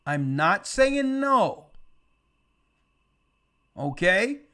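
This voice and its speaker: Speaking as a church elder, this man gives his testimony in a spirited, chatty way and says words twice for emphasis. He talks extremely slowly in a high voice.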